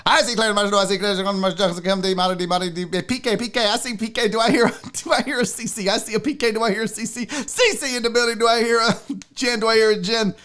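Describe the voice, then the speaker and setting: A man voicing a fast-talking male auctioneer who chants out bid calls. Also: high-pitched, fairly even intonation, a bit bright, clean tone, pitched above the performer's own voice. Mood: hectic.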